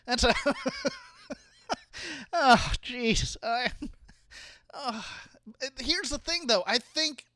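A man co-hosting a podcast, chatting casually, excitable and breaking into laughter as he riffs. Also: very high voice, very slow, long pauses, dry recording, clean studio sound. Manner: excitable, laughs a lot, riffing. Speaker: podcast co-host. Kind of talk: casual chat.

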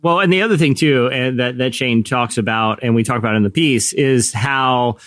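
A male host talking conversationally with a middle-pitched voice. He wanders through his points with fillers, and the sound is dry and close. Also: moderate pace, a bit bright, dry recording. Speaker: podcast host. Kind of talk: casual chat introducing clips.

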